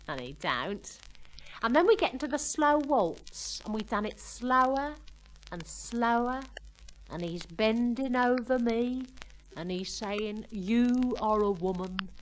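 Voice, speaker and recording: A woman's voice: medium pitch, lively intonation, slow, a little hiss or hum, low-quality recording. A woman doing a gabbling young working-class girl. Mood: gossipy. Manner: ungrammatical cockney-style chatter, "we done", "I says". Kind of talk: comic monologue.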